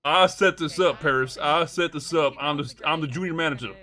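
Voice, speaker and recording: A man doing game role-play banter as a taco stand manager, loud and full of slang. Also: a little high. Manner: loud, slangy, quick retorts. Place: indoors, headset mic.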